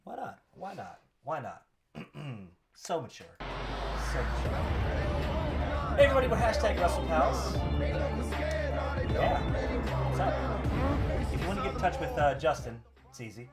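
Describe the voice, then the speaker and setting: A young man co-hosting a casual wrestling podcast, animated and laughing often as he reads and acts out quotes. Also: a little high, unhurried, loud music behind the voice, a loud crowd. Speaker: podcast co-host.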